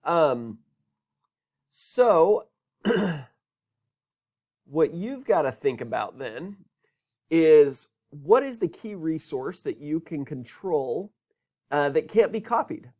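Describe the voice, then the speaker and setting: A man's voice: fairly high pitch, big pitch swings, very slow, long pauses, darkish tone. A man teaching a business course in a recorded lecture, talking conversationally and asking rhetorical questions.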